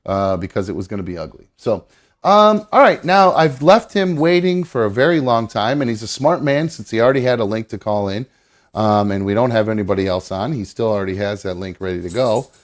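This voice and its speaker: A man's voice: on the low side, animated, fairly quick. A middle-aged man hosting a live show, chatting loosely, rambling and swearing casually. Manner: rambling, swears casually, coos at his dog. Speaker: podcast host. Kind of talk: casual live-stream chat.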